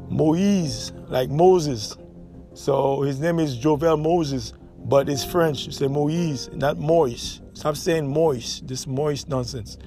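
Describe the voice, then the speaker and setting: A man's voice: on the high side, a little mellow. A Haitian man hosting his own podcast, talking in an emphatic, repetitive monologue full of restarts. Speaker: podcast host.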